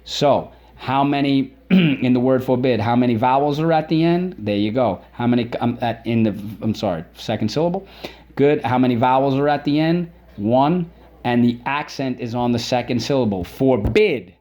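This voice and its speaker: Mellow-voiced man teaching a spelling lesson. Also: mid-range voice. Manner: drills words aloud, repeats them slowly and emphatically; encouraging, asks questions and praises.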